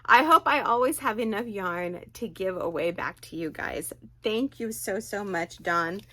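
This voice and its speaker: Gushing woman unboxing gifts, slow-paced. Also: mid-range voice, a bit bright, no room sound. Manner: gushing, exclaims often. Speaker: crochet vlogger. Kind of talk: excited unboxing chat.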